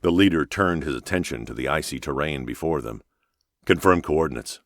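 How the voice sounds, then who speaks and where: A very deep, low male voice narrates a thriller audiobook from a script, measured and even. The recording is close and dry, with no echo or room sound.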